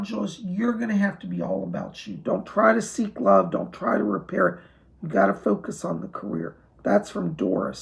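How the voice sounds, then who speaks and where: A male psychic medium doing live-stream readings, his voice hoarse and giving out. His tone is heavily gravelly and full of fry, and his pitch swings widely as he reassures each viewer with messages from spirit.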